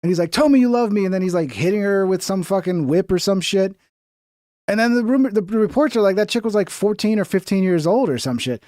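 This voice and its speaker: A man's voice: high-pitched, animated, fairly quick, a little mellow, no echo, clean studio sound. A man streaming casual reaction commentary, blunt and profane, often trailing off with "bro" and "dude".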